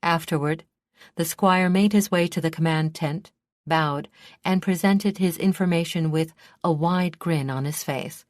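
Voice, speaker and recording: A woman with a low voice reads a fantasy audiobook at an even, measured pace. The recording is dry and close, with no room sound. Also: no room sound. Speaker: audiobook narrator. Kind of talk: scripted narration.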